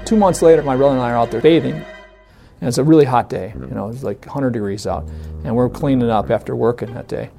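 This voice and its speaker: Gravelly man telling a lively story. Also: medium pitch, fast talker, faint music behind. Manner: animated, laughs often, mimics voices in quotes. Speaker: storyteller guest. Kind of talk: casual anecdote.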